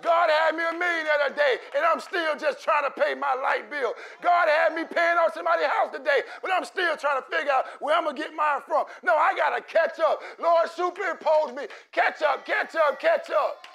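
A man preaching a sermon to a congregation, shouting and exhorting with call-and-response. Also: very high voice, normal speed, vocal fry, hardly any pauses, a faint crowd. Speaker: pastor. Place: church sanctuary. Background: congregation in a church.

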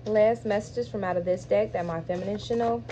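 A woman giving a spiritual tarot reading, speaking emphatically and straight to her viewers, stretching out key words between quicker asides. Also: mid-range voice, steady tone, background noise. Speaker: tarot reader.

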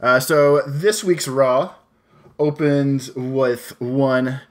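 A man's voice: medium pitch, steady tone, very slow. A man hosting a let's play, chatting casually and profanely while he plays, thinking aloud as he rambles. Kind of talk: casual commentary while gaming.

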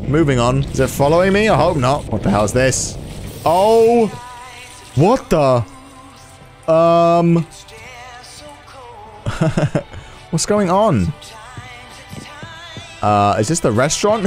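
A man hosting a gaming video, giving excitable let's-play commentary, swearing and yelling in reaction. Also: fairly high pitch, slow pace, pauses often, soft background music.

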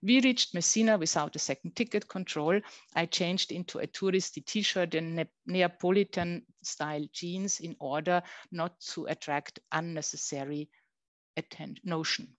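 A middle-aged woman reads her own comic aloud and breaks off to explain it, in non-native English with small slips and hesitant fillers. Her voice sits low and the sound is dry and close. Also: moderate pace, dry recording. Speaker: comics artist reading own work. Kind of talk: reading aloud with commentary.

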